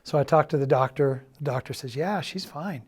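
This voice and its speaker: Quiet man telling a personal loss. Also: a little high, slightly rough. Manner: quiet, halting storytelling that quotes others' words. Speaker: church testimony speaker. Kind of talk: personal testimony. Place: church.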